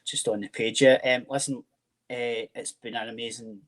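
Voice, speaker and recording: A man's voice: medium pitch, little pitch movement, normal speed, background noise. A Scottish man hosting an interview in a friendly, casual way. He keeps falling back on the same stock phrase. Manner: friendly, often repeats "as I say". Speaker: host.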